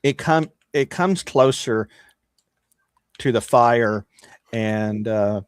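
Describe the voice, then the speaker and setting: A man's voice: mid-range voice, very slow, smooth, no room sound. Male game master, casual rambling narration, dry recording. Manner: casual, rambling, with frequent restarts.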